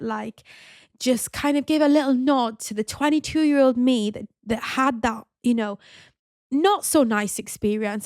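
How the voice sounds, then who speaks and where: A woman, telling a personal story in a chatty, animated way with lots of "like" and "you know". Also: fairly high pitch, dry recording, studio quality. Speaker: podcast host. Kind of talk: casual storytelling monologue.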